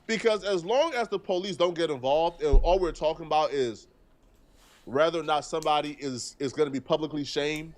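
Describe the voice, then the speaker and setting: Earnest streamer man, slightly high voice. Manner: earnest, deliberate, argues point by point. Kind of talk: live stream commentary.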